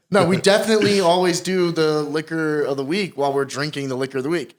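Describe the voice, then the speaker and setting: Male podcast co-host, slightly high voice, loose joking delivery. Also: fairly even intonation, brisk. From Connecticut, USA. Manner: joking, laid-back banter. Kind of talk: casual chat.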